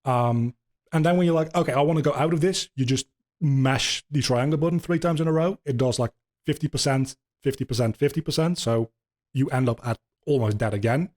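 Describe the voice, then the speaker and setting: A man talks through video game lore in a loose, rambling way, full of ums and casual swearing. His voice is mellow and mid-pitched, and his manner stays relaxed. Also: moderate pace. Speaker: podcast host.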